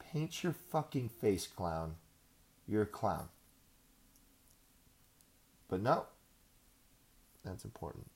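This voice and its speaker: Man, podcast host, deep gravelly voice, profane sarcastic rant. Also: a little mellow. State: out of breath. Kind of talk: casual ranting monologue.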